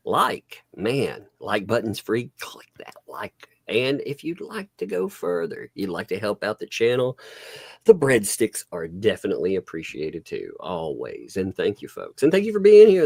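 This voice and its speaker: A man's voice: sits low, a little mellow, no echo. Laughing, rambling live-stream host man. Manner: laughs often, rambling with fillers. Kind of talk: casual live-stream chat.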